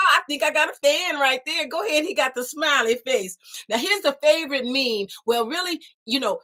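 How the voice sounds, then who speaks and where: A sassy, folksy gal-pal design assistant, as a woman puts her on with a high, bright voice. She talks in a bubbly, teasing way, sprinkling slang and y'all everywhere. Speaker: show's alter ego design assistant. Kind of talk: chatty talk-show segment in character.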